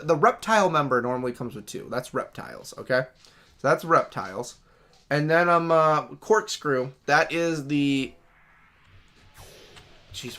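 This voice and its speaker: A young man streaming a video game, chatting casually and rambling between sudden excited outbursts. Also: mid-range voice. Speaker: gaming streamer. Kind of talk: casual let's-play commentary.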